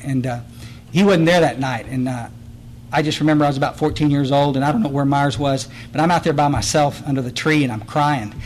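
A man's voice: on the high side, brisk, a little hiss or hum, low-quality recording. A middle-aged man from the Texas Hill Country, giving a blunt, earnest personal testimony at a recovery meeting, often restarting and repeating words.

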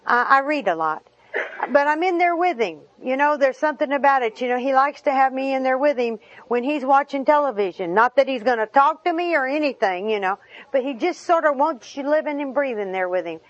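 A woman's voice: high voice, no echo. A woman giving a personal testimony talk to a group, folksy and wry with self-deprecating humor. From Arkansas. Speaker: speaker sharing her story with a group. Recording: dull lo-fi recording.

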